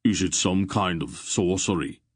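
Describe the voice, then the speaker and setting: A man voicing a big, grim male warrior in an audiobook, talking gruffly and bluntly. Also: deep voice, measured pace, no echo, clean studio sound. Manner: gruff, growling.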